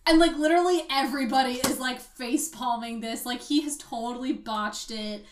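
A woman co-hosting a casual film chat, animated and swearing freely. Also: high voice, normal speed, a little hiss or hum. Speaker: podcast co-host. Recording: roomy echo.

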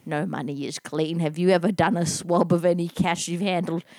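A woman's voice: lowish voice, level tone, normal speed, a little mellow, no echo. A woman co-hosting a podcast, playful and mock-dramatic in improvised comic banter. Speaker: podcast co-host.

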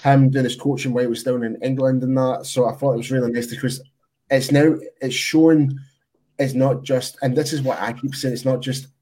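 Man, casual sports podcast co-host, mid-pitched voice, loose rambling delivery. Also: fairly even intonation, brisk, mellow. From United Kingdom. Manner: rambling, restarts his thoughts.

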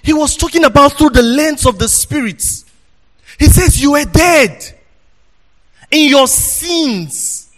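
A pastor preaches a sermon in a very high voice, taking it slowly. His animated, sing-song delivery includes questions to the congregation and occasional shouts for emphasis.

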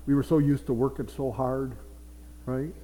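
A man's voice: mid-range voice, fairly even intonation, normal speed, mellow. A man preaching a sermon as pastor, with playful asides to his congregation. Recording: reverberant hall.

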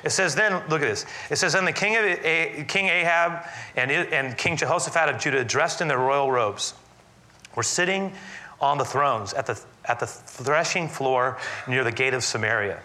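Preacher guy telling a bible story all animated, bright forceful voice. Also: fairly high pitch, moderate pace. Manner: animated, dramatic storytelling retelling of scripture. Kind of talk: sermon.

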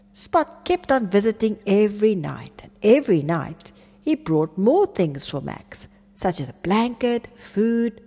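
Expressive woman reading a children's story. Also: mid-range voice, breathy edge. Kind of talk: children's story read-aloud. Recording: long reverb.

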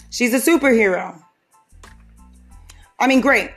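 A woman hosts a podcast and riffs through comic bits at an unhurried, drawn-out pace. Her voice sits a little high, animated and joking. Faint music plays underneath. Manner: animated, jokey, slips into quick impressions. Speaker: podcast host. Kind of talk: casual comedic riffing.

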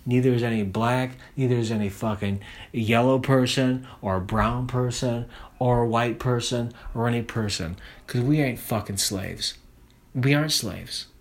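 A man hosting a rambling solo podcast monologue, swearing constantly and drifting between low mutters and loud outbursts. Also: normal speed. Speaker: podcast host.

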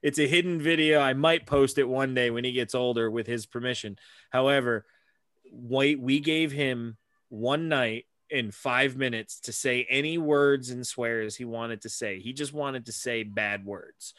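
A man hosting a casual podcast, a father who tells animated stories and swears freely. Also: medium pitch, unhurried, no echo. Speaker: podcast host.

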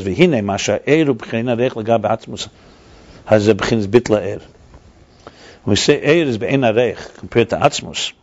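With a darkish voice on the low side, a man runs a text study lesson. He reads passages aloud, breaks them down step by step, and often repeats himself; the lo-fi recording sounds dull.

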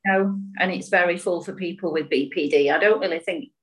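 A woman who is a podcast guest, talking in a thoughtful, measured and empathetic way. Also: on the low side, rough recording. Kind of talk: reflective conversational chat.

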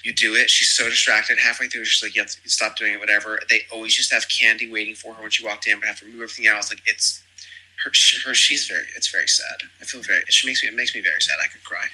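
A man's voice: lowish voice, fairly even intonation, fast, sharp tone, breathy edge, poor audio. A man chatting casually as a podcast guest, rambling and gossipy with lots of fillers. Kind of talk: casual chat.

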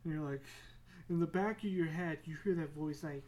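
Swearing casually and poking fun at herself, a woman rambles through tangents on her own podcast, chatting solo. She speaks at a normal speed in a low, mellow voice.

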